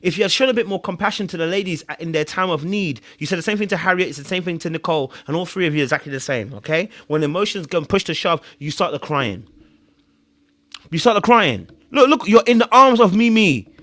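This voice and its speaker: A man's voice: on the high side, fast, few pauses, a bit bright, no room sound. A man hosting a reality TV review, scolding and mocking the contestants with rhetorical questions and stumbling over words with repeated fillers. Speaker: host.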